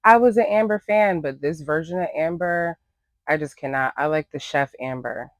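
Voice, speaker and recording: A man giving opinionated reality TV recap commentary in a sassy, animated way. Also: normal speed, dry recording. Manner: sassy, animated, acts out quotes in higher voices.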